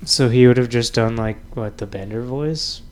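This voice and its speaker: A man's voice: medium pitch, moderate pace, a little mellow. A man co-hosting a podcast, laid-back and joking in casual chat, with many fillers.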